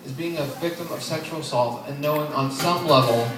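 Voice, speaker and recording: A man in his twenties performing an open mic stand-up set, deadpan and self-deprecating, chuckling at his own jokes. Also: a little high, fairly quick, far from the mic. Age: 20s. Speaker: stand-up comedian. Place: comedy club stage. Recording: echoey club heard from afar, crowd noise. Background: audience laughing.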